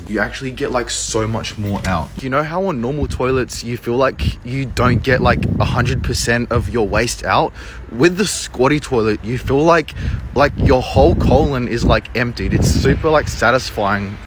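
A man's voice: medium pitch, normal speed, background noise. A young Australian man vlogging casually to camera, rambling and frank, with lots of fillers and restarts. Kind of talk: casual vlog talk to camera.

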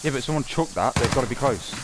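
A young man on a headset, teasing his friends and shouting quick callouts during a shooter game. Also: mid-range voice, animated, noisy background. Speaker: squad teammate. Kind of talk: casual gaming chat. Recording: game gunfire behind the voice.

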